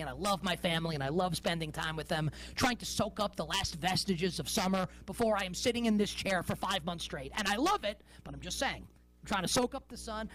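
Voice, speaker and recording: A woman's voice: lowish voice, fairly bright tone, rough recording. A woman in her thirties delivers a sports talk show monologue. She rambles, sounds incredulous, and hits key words hard.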